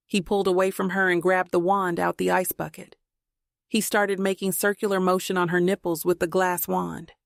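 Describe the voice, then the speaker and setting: A woman reading a novel aloud in steady, unhurried scripted narration. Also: mid-range voice, dry recording, studio quality. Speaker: audiobook narrator.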